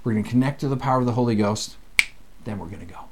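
A playful, talkative man from Canada co-hosts a relaxed conversation. He speaks at a middle pitch and slips into quick voices whenever he quotes someone. He talks like a former teacher who loves to tell stories. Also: background noise. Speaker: co-host, former seminary teacher. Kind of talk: casual chat.

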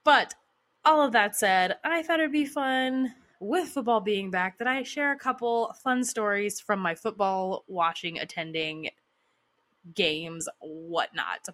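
In a slow, mid-range voice with a fairly bright tone, a thirty-something woman shares casual stories. Her monologue is chatty, loaded with fillers, and often broken up by laughter.

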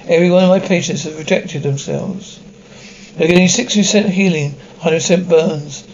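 A pompous, obsessive mad scientist lectures with bitter self-pity. His voice is fairly high. The sound is dull and lo-fi, as if from an old recording. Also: moderate pace. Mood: defensive. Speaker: doctor.

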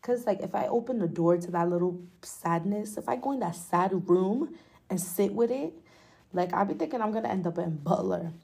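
A woman's voice: mid-range voice, lively intonation, normal speed, gravelly, mellow, slightly rough. A young woman hosting a podcast, telling a personal story in a candid, emotional way, swearing often and filling her talk with "like". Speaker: podcast host.

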